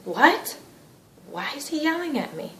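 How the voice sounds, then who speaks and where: A flustered wife in a therapy role-play, played by a woman, shocked and eager to smooth things over. Her voice lifts a little higher than plain talk. The room is echoey. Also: moderate pace, lightly acted. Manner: flustered, conciliatory.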